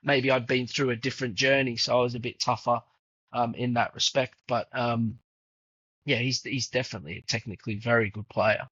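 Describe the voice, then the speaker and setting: A man's voice: medium pitch, fairly even intonation, fairly quick, sharp tone, husky, no echo. A man in his fifties, a podcast guest and footballer's father, telling stories in a chatty way with many fillers. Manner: chatty, many fillers, acts out quoted dialogue. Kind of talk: casual conversational storytelling. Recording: dull lo-fi dry sound.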